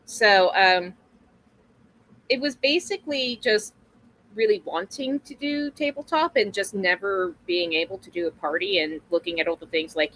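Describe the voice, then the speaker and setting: A woman's voice: medium pitch, moderate pace, a bit bright, a little hiss or hum, poor audio. A woman in her mid-thirties talking casually as an interview guest, rambling, laughing often and swearing freely. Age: 30s. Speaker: guest streamer.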